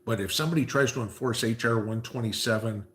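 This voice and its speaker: A man's voice: medium pitch, fast, a bit bright. A man hosting a casual livestream, reading viewer comments and chatting, with frequent "okay?" asides. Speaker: livestream host reading chat.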